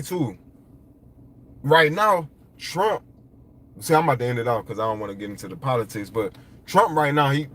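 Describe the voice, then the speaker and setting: A man talking to camera in a rambling, profane, animated monologue. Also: medium pitch. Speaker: vlogger. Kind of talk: casual monologue.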